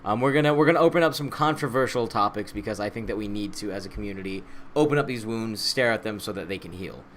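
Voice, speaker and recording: Male podcast host, deep-ish, animated and playful, slight background hiss. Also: fast. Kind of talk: casual podcast chat.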